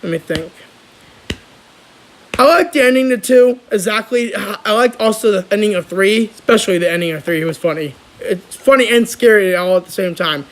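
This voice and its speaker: High-voiced young man rambling excitedly. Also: moderate pace, poor audio. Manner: rambling, excitable, frequent restarts. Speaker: vlogger. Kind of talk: casual chat.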